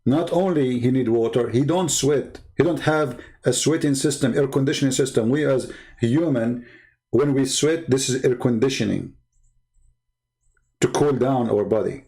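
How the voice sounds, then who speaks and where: In this monologue, a man hosting a show mocks and jeers, firing off one heated rhetorical question after another. His voice is medium in pitch and dark in tone, and he talks at an ordinary speed.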